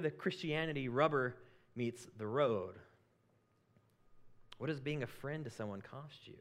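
A male pastor giving a conversational sermon, acting out inner thoughts in quoted asides and building to loud emphasis. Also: medium pitch, very animated, moderate pace.

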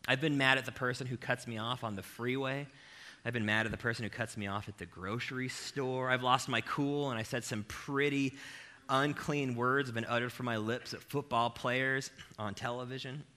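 Male preacher, bright ringing tone, jokey and self-mocking, talks right to the crowd. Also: mid-range voice, normal speed. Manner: animated, self-deprecating, addresses the crowd directly. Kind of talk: humorous conversational sermon.

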